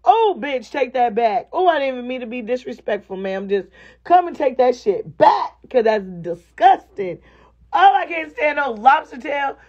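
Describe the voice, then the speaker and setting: A woman's voice: high voice, very animated, normal speed, a little mellow, lo-fi sound. A woman vlogger chatting casually and expressively straight to her viewers. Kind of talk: casual vlog chat to viewers.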